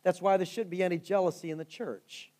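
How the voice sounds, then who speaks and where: A man's voice: high-pitched, steady tone, brisk, mellow. A male pastor preaching a sermon, telling stories with fervent rises and drops in volume. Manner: fervent storytelling preacher, rising and falling in volume.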